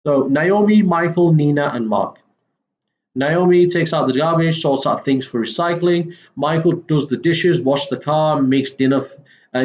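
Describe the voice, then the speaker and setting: A man's voice: on the high side, darkish tone, muffled recording. Casual man teaching an English lesson. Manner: casual, with frequent fillers and self-corrections. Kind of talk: recorded textbook lesson walkthrough.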